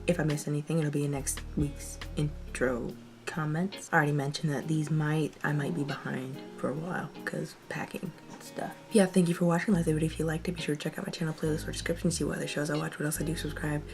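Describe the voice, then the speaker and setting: Expressive young woman reacting casually. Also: low voice, quick pace, soft background music. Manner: expressive, laughs and sighs often. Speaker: TV reaction vlogger.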